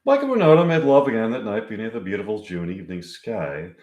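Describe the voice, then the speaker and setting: A man reading his own comedy script aloud at home, halting and thinking aloud between lines. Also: lowish voice, big pitch swings, a little mellow, lo-fi sound. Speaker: amateur writer performing his own script. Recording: echoey room.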